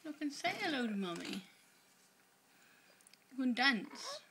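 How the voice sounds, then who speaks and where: A woman's voice: high voice, sing-song, slow, pushed and bright. A woman, casually coaxing her parrot to talk in a sing-song pet voice, recorded on a home video. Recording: noisy home video with background noise.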